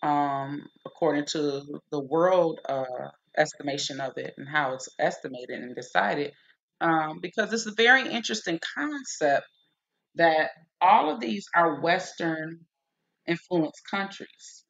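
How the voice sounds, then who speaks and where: A woman's voice: low-pitched, unhurried, fairly bright tone, dull audio. A woman hosting a live-stream explainer, working methodically through a list of figures with frequent checks of "okay?". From United States. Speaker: host.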